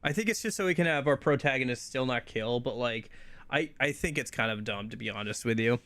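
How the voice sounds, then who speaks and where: A chatty streamer talks over gameplay in a casual, ranting way, exasperated and full of filler words. The mid-pitched voice sits close to a desk mic with a dry, deadened sound and no room echo. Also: a little fast, fairly bright tone. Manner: heavy use of "like" filler. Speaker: let's-play streamer.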